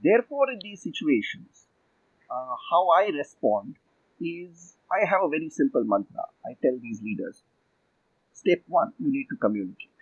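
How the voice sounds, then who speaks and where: An older Indian man who coaches executives, talking with a lively, fairly high voice that rises and falls a great deal. He makes his points emphatically, one by one. The sound is dull and muffled, and the room is very dry. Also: moderate pace, breathy edge, dry recording. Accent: Indian English. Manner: emphatic, lists points, acts out quotes. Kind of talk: interview answers.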